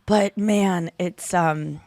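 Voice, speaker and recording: A woman's voice: lowish voice, extremely slow, warm tone, no room sound. A woman in her thirties hosting a podcast, chatting casually in a rambling, profane way. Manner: chatty, rambling, swears freely. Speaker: podcast host. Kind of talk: casual chat.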